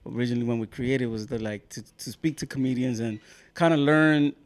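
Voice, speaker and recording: A man's voice: mid-range voice, a little fast. A man hosting a podcast, asking questions in loose, chatty speech full of fillers. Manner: loose and conversational, many fillers like "like" and "you know". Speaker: podcast host. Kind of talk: casual interview chat.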